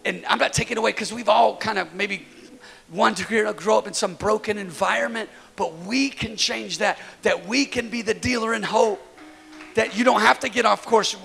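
A man preaching to his church in a bright, high voice with a gravelly edge. He tells stories with lively energy and often repeats words as he builds toward a point. Soft music plays behind him. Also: moderate pace. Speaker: pastor. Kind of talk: sermon.

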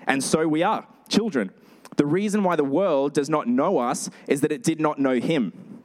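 A male pastor giving a sermon, telling lively stories with animated delivery. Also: fairly high pitch, normal speed. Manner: storytelling, animated.

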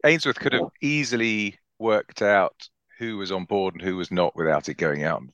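Low-voiced man, halting, lo-fi. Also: a bit bright, no echo. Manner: halting, stumbling starts. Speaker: podcast guest. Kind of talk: casual football podcast chat.

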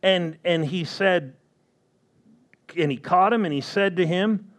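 A man preaching a sermon slowly and emphatically, often asking the congregation questions. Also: high voice.

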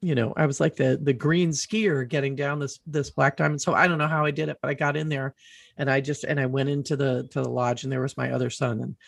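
A middle-aged woman hosting a podcast, telling an animated, rambling story in casual chat and swearing freely. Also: a bass voice, a little fast, creaky, no room sound, clean studio sound.

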